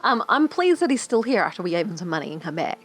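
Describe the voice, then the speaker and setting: A woman's voice: fairly low pitch, very animated, fast. A woman co-hosting a game let's play, reading tutorial text and adding dry quips. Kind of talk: casual gameplay chat.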